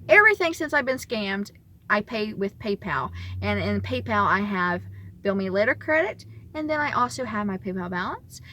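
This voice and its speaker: A young woman tells a story on her vlog in an animated, excitable way. Her voice is bright and a little high, and she talks casually. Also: slight background noise. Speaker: vlogger.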